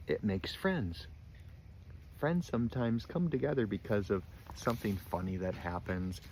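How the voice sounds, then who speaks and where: Older man gently reading a picture book. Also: lowish voice, slight background noise. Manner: gentle, asks children questions. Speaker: grandfather reading aloud.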